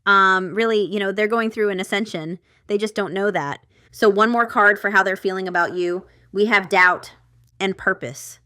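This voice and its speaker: A woman talks through a tarot spread in a loose, chatty way, wandering into asides and holding back laughter. Her voice is bright and smooth. The recording is close and dry. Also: mid-range voice, fairly even intonation, moderate pace, no echo. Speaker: tarot reader. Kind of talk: casual tarot reading to camera.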